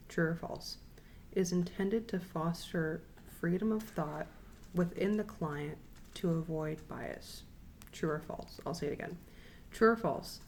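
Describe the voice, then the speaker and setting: Young woman student presenter, low gravelly voice, slow repeated quiz readout, faint room noise. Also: darkish tone. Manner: measured, repeats questions and options slowly, frequent ums. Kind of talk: recorded class presentation with quiz questions.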